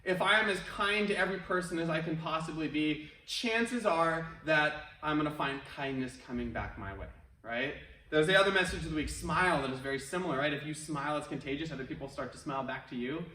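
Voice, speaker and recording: A man's voice: on the high side, lively intonation, a little fast, pushed and bright, slight background noise. A man teaching an online martial arts class, upbeat and encouraging, with chatty asides, talking through a face mask. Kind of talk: online workout class instruction. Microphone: wears a face mask while talking. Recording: roomy echo, distant from mic.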